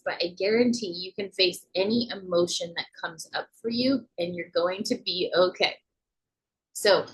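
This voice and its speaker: Woman, thirties, breathy voice, gentle coaching manner, frequent check-ins with listeners. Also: medium pitch, poor audio. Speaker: inner healing coach. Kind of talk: teaching talk to camera.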